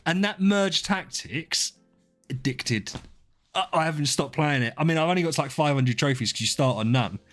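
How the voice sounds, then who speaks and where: A man's voice: a little high, moderate pace, a bit bright. Rambling man streamer chatting to viewers. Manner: rambling, self-deprecating, talks to chat by name. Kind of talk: casual live-stream chat. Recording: faint music behind.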